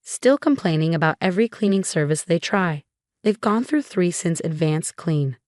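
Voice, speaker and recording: A woman's voice: lowish voice, lively intonation, normal speed, a little mellow, dry recording, studio quality, close to an everyday voice. A woman voicing an earnest, encouraging young businesswoman in a read-aloud story. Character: eager young woman, business-minded daughter.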